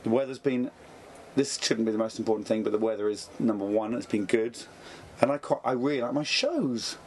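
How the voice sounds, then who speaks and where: A man in his thirties, a comedian guest in an interview, talking in a dry, deadpan, jokey way. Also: medium pitch, brisk, a little hiss or hum. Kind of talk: casual interview chat. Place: backstage dressing room at a festival.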